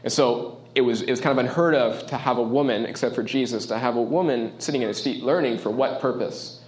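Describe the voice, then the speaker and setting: A pastor with a mid-range voice preaches a sermon fairly quickly, in a conversational, emphatic style, often checking in with his listeners. The recording has a roomy echo.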